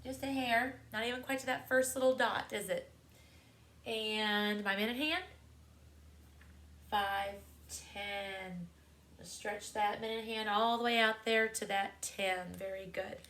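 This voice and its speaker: A woman teacher walks young children through a lesson at a slow, patient pace. Her voice is bright and clear, and she sounds encouraging, lifting her questions into a friendly sing-song. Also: mid-range voice, steady tone. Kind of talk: classroom lesson to young students.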